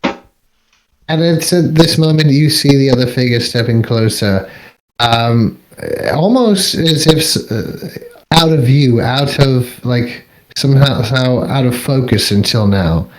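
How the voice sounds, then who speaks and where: A man narrating as game master of a tabletop game, halting and searching for words. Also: mid-range voice, low-quality recording. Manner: halting, full of ums and restarts.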